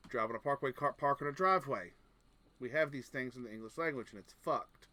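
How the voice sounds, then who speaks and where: A man's voice: medium pitch, a little fast, sharp tone. A man streaming a game, chatting casually in a rambling, joking and crude way. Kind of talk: casual gaming chat.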